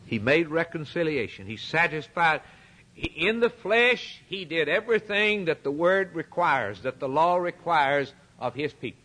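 A man's voice: on the high side, animated, normal speed, hardly any pauses, pushed and bright. A man preaching a sermon, emphatic and repetitive, dramatically retelling scripture and addressing the congregation as brethren.

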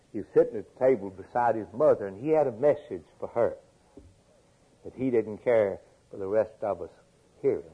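A man preaching a sermon, repeating phrases and swinging from emphatic peaks to quiet low lines. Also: husky. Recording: tinny phone-like lo-fi recording.

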